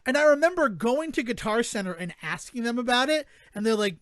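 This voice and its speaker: A man's voice: extremely high pitch, animated, fast talker, few pauses, fairly bright tone, no room sound. A man in his thirties co-hosting a podcast, telling rambling stories with frequent chuckles. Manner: rambling storyteller, chuckles often. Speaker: podcast co-host. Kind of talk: casual chat.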